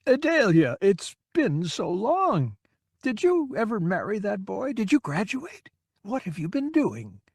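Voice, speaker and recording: A man's voice: high-pitched, wildly swooping pitch, slightly rough, no room sound, studio quality, voice pushed up, heavily acted. A man doing a quavering, confused old man. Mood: wavering, confused. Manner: quavering, hesitant, slow. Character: confused frail old man, wavering and kindly.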